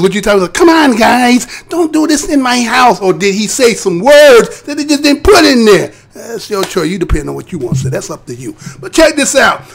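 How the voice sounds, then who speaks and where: A man's voice: high-pitched, gravelly. A man hosting his own live show, talking to viewers in a rambling, profane, streetwise way and often tagging "right?" onto his points. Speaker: host of a live streamed show. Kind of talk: casual rant to a live chat.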